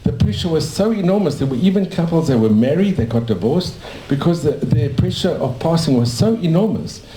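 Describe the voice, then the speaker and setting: A man's voice: on the high side, animated, a little fast, few pauses, noisy background. Older South African man telling stories. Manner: rambling, warm anecdotal storytelling with restarts. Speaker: dentist telling his life story. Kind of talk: casual storytelling to a small audience. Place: cafe. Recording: echoey cafe room.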